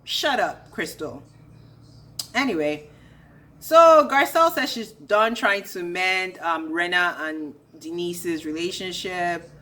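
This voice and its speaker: Woman, young adult, bright tense tone, sassy, blunt, gossipy, casual recap rant. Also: on the low side, slow. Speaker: reality TV recap vlogger.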